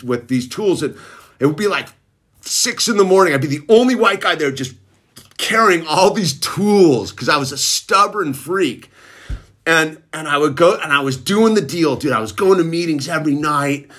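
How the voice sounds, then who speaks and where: A man's voice: a little high, a bit bright. A middle-aged man casually telling a long personal story in laid-back slang, tossing in "dude" constantly. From Southern California. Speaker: recovery storyteller.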